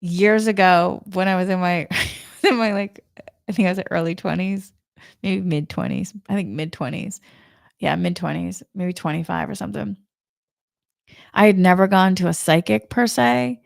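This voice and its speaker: A woman's voice: fairly low pitch, moderate pace, gravelly, no room sound, studio quality. A woman giving a spiritual energy talk in a chatty way, telling a personal story and laughing often. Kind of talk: casual spoken monologue.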